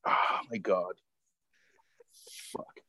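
A man's voice: drawn-out words, pushed and bright, no echo, rough recording. A man telling a rambling story in casual chat, swearing heavily and filling his talk with "like.". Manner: rambling, heavy swearing, lots of fillers.

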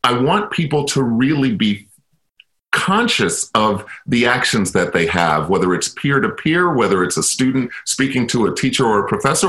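A man's voice: mid-range voice, fairly bright tone. A man from Chicago, a guest on a radio interview, telling a personal story in a reflective, self-deprecating way. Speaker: guest, university inclusion officer.

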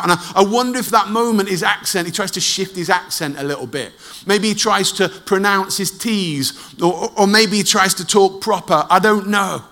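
A man preaching a sermon, telling the story dramatically and dropping low and soft at tense moments. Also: normal speed.

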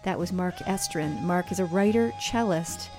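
A woman hosting a radio show, calmly reading the introduction and sign-off. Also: on the low side, normal speed, over music.

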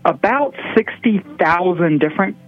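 Calm man on a tinny phone line. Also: high-pitched, normal speed, soft background music. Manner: calm, informative. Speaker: guest expert, professor. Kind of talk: explanatory interview answers.

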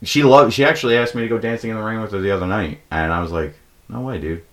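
A young man hosting a podcast, telling rambling comic stories with plenty of swearing and acted-out quotes. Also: very fast. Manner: profane, animated, acts out quoted people in a high voice. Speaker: podcast host. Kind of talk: casual comedic storytelling.

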